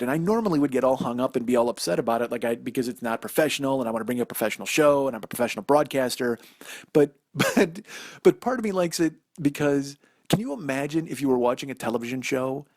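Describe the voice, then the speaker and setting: A man in his forties hosts a solo comedy podcast from indoors in a house, rambling, swearing and mocking himself. His medium-pitched voice is expressive and fast, with studio-quality sound and no room echo. A dog barks in the background.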